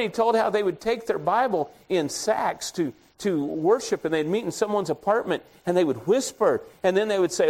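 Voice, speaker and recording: A man's voice: high voice, a little fast, few pauses, darkish tone. A middle-aged man preaching a sermon in a conversational way, telling folksy stories from his own life. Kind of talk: storytelling sermon.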